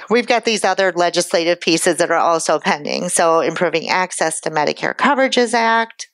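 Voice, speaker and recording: A woman's voice: fairly low pitch, lively intonation, moderate pace, few pauses, fairly bright tone, no echo. A woman insurance broker giving a conference presentation, chatty and joking, laughing at her own asides. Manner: chatty, joking asides, self-deprecating humor.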